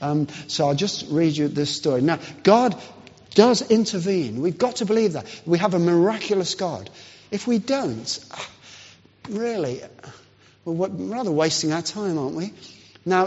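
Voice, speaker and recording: A man preaching a sermon, telling a story with pauses and restarts. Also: a little high, breathy edge. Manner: storytelling, pauses and restarts, lively rise and fall. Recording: dull lo-fi sound in long hall reverb.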